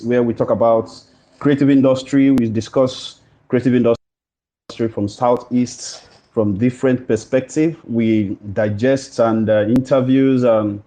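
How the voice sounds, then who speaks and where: A Nigerian man hosting an interview show, formal and welcoming, pausing often with fillers. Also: medium pitch, dark tone. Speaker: podcast host. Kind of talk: hosted interview.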